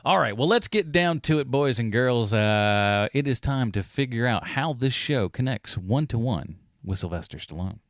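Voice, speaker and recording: A man hosting a podcast, chatting casually in a rambling way, with frequent halting restarts. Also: medium pitch, animated, dry recording, clean studio sound. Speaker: podcast host. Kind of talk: casual chat.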